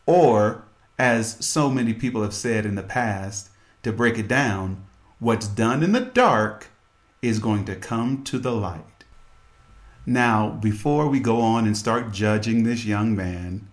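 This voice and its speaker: A man hosting a podcast, telling a story and making earnest, preachy appeals to his listeners. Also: on the low side. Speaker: podcast host and musician. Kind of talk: storytelling radio talk with scripture.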